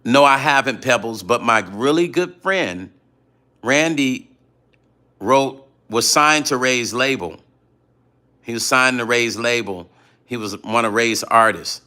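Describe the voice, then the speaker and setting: A middle-aged man chats casually on a late-night livestream, reading comments and launching into animated stories. His voice is bright and forward, pitched in a middle register for a man. He calls his viewers family. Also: takes it slowly.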